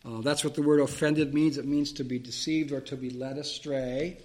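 Man, preacher, Bible-teaching sermon, reads verses then explains them, casual fillers, restarts, mid pitch. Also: steady tone, moderate pace, darkish tone.

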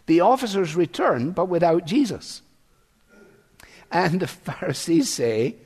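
An older man with a Scottish accent, preaching a sermon in a conversational way and dropping his voice low to quote scripture. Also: very animated, measured pace, long pauses, darkish tone, husky, big-room sound. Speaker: pastor.

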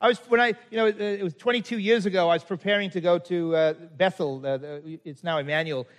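Middle-aged male pastor, high voice, conversational sermon full of rhetorical questions, long church-hall reverb. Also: fairly even intonation, fast. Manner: conversational, asks the congregation many rhetorical questions.

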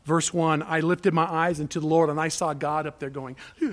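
High-voiced impassioned male preacher. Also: steady tone, a little fast. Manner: impassioned, swings between loud and hushed. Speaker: pastor. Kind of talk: sermon.

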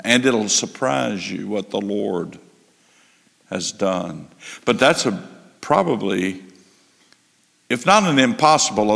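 A man preaching a sermon, slow and emphatic, building in intensity. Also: lowish voice, creaky, a bit bright, big-room sound. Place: church.

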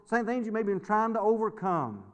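A man's voice: sits high, very animated, a little fast. A middle-aged male pastor preaching a sermon in a folksy, storytelling way, repeating words and laughing often. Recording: long hall reverb.

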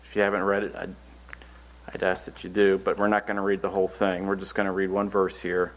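A man's voice: low-pitched, completely flat delivery, a little fast. A man preaching a Bible-teaching sermon, reading scripture verses aloud and then explaining them in earnest, plain words.

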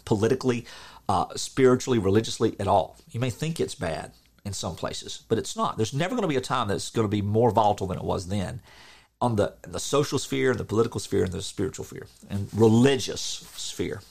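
A gravelly, low-leaning voice belongs to a middle-aged man delivering a casual sermon at a fairly quick clip. He's animated and sincere, dramatizing quotes and sometimes laughing.

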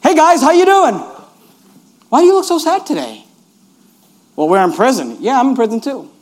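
A man's voice: very high-pitched, big pitch swings, moderate pace, pitched above the performer's own voice. A man preaching puts on the voice of Joseph, a cheerful, upbeat prisoner who greets his fellow inmates in a friendly way.

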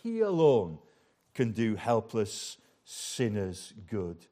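Unhurried preacher man giving a sermon. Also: fairly low pitch, sing-song, dark tone. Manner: earnest, unhurried, sometimes addressing children directly. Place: chapel.

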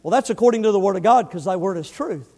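A pastor delivers a sermon from the pulpit in a strikingly high voice for a man, talking fast. He spins his stories in a relaxed manner, then sinks into hushed, weighty words to drive each point home. Every phrase trails off into the long reverb of the church sanctuary.

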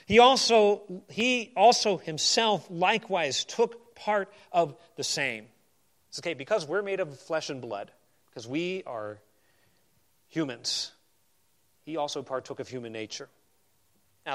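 A man's voice: on the high side, lively intonation, normal speed, long pauses. Emphatic preacher, man with a raised voice. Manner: expository, swings between emphatic and quiet asides. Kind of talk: sermon.

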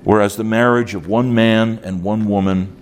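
Casting: male preacher, low voice, emphatic, keeps circling back to his key phrase, faint room noise. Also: fairly even intonation, normal speed. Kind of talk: conference sermon. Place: conference hall.

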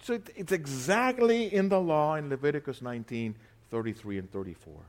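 Animated preacher man, lively pitch. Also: a little fast. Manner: animated, swinging between loud emphasis and quiet asides; rhetorical back-and-forth questions. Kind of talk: sermon.

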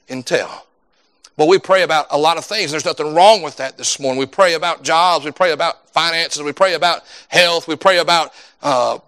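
Fervent preacher man. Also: a little high. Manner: fervent, repetitive preaching cadence with sudden loud climbs and quiet drops. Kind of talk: sermon.

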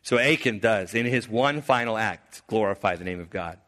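A man preaching a sermon, swinging between loud, emphatic lines and hushed, slowed passages, often restarting his sentences. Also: fairly low pitch, lively intonation. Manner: earnest, with frequent restarts and filler.

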